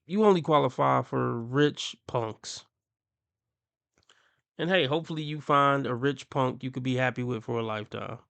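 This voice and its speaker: A man's voice: medium pitch, normal speed, creaky, fairly bright tone, no room sound. A man ranting bluntly and crudely as he reacts to clips on his stream. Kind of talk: ranting commentary.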